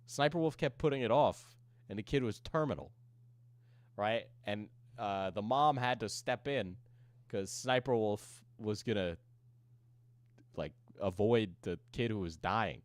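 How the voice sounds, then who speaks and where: A man's voice: on the low side, measured pace, dry recording. A man streamer giving casual, rambling reaction commentary and chuckling often.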